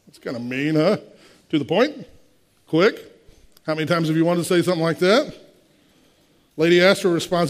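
A man's voice: on the high side, normal speed, long pauses. A man in his sixties preaching a sermon, emphatic, with rhetorical questions and direct asides to the congregation. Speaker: pastor.

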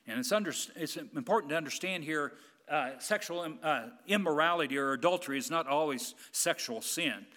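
A man preaching a sermon in a church, swinging between loud emphatic passages and hushed, quiet ones. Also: a little high, fairly quick, big-room sound.

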